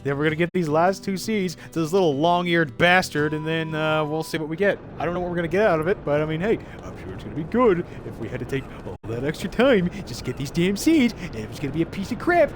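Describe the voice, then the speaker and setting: This is a man commentating his own gameplay on a live stream, with a voice that sits a bit high for a man. He talks straight to his chat, swings between muttering and excited outbursts, and swears freely. Faint music plays underneath. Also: quick pace, few pauses.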